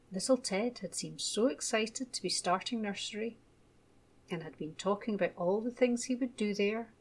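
A woman gently reading a children's story aloud. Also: mid-range voice, slightly rough. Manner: gentle, measured.

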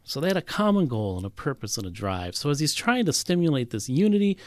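Male pastor, lively sermon voice, dry close recording, emphatic teaching. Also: a little high, fast, no room sound. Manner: animated Bible teaching with emphatic repetition.

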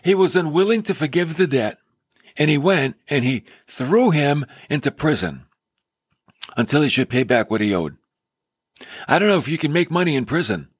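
A man preaching a sermon, retelling a parable with animated storytelling and acting out the characters. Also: a little high, moderate pace, slightly rough, no room sound.

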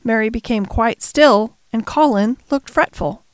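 A woman narrating a classic novel chapter in a measured storytelling manner. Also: a little high, no room sound. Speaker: audiobook narrator. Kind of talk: scripted narration.

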